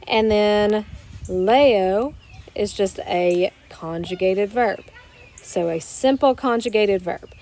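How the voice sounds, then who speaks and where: A woman teaching a Spanish grammar lesson to her students, explaining step by step and slowing down to model each Spanish word. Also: mid-range voice, a little mellow. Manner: patient, explanatory, slows down to model Spanish words. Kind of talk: recorded classroom grammar lesson.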